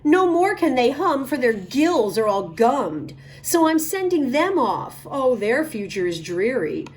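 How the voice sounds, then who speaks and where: Woman doing a cross little male forest creature for storytime, scolding in a high voice. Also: big pitch swings, unhurried, slight background noise. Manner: scolding, indignant, raised pitch. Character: grumpy small furry forest guardian, male.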